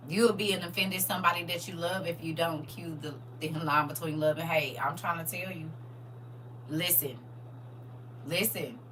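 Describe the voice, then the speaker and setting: A woman hosting a casual livestream, chatting to viewers as "y'all" and answering their comments aloud, with expressive swings from hushed to loud. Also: fairly low pitch, normal speed, a little hiss or hum. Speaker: livestream host.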